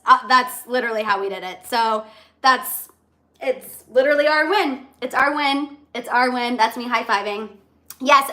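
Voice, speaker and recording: A young woman hosting a live celebrity gossip stream, chatty and animated, often repeating herself. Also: high voice. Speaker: livestream host. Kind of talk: excited celebrity gossip livestream.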